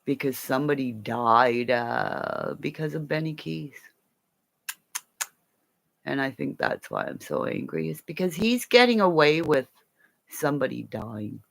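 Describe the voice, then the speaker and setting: A Canadian woman vlogger rants angrily to camera in a profane, rambling monologue that jumps between topics. Her bass voice is gravelly, with big pitch swings, and she speaks a little slowly.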